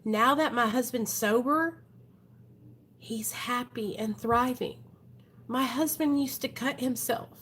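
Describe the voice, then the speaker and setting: A woman's voice: on the high side, slow pace, fairly bright tone, slight background noise. Frank woman hosting a recovery livestream. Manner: frank and earnest, often addresses viewers as "you guys". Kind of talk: casual live-stream talk to viewers. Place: at home.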